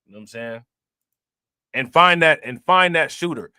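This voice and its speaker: A male host chatting through crime news in loose, slangy talk, laughing often and shouting out his viewers. His voice is sharp and bright. The sound is close and dry, with no room around it. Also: a little high, normal speed, smooth, no room sound. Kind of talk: casual reaction commentary.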